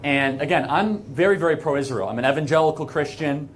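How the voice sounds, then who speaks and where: A man's voice: on the high side, brisk, slight background noise. An American man giving an earnest, emphatic speech to a live audience, conversational and full of asides. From United States. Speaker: guest speaker. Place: event hall with an audience.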